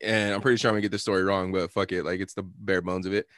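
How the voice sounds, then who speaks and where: Laid-back young man, low voice. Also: little pitch movement, rapid-fire, fairly bright tone, no echo, clean studio sound. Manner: laid-back, laughing, swearing. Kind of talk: casual storytelling chat.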